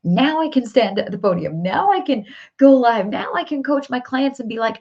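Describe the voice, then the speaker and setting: A woman's voice: on the high side, lively intonation, moderate pace. Upbeat woman coaching, slightly dull audio. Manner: upbeat, encouraging, repeats phrases for emphasis. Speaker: business coach. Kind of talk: live coaching workshop. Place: home office with whiteboard.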